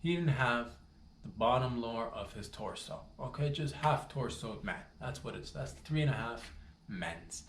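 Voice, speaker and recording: A man spins a rambling, swaggering comic tall tale full of slang, his voice leaping up high whenever he gets worked up. He sounds like he is in a roomy space with a lot of echo, and there is faint ambient noise behind him. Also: expressive, moderate pace, fairly bright tone. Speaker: storyteller. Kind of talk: absurd comic storytelling monologue.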